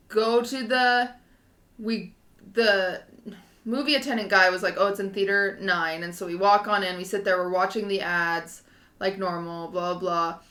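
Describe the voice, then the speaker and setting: A young woman in her twenties tells a story on a casual podcast, rambling in an animated way and full of fillers. Her voice is bright and clear, at a middle pitch. The room around her sounds echoey. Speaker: podcast co-host. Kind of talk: casual chat.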